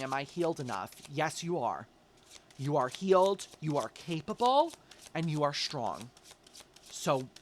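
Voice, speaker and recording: A man's voice: fairly high pitch, a little hiss or hum. A man giving a casual, upbeat tarot reading, encouraging the listener and calling them babe. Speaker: tarot reader.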